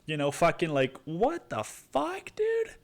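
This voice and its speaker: A man's voice: a little high, huge pitch swings, takes it slowly, vocal fry. A man hosting a solo rant podcast, swearing and rambling, saying "dude" all the time. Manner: profane, rambling, says "dude" constantly. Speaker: podcast host. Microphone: podcast microphone.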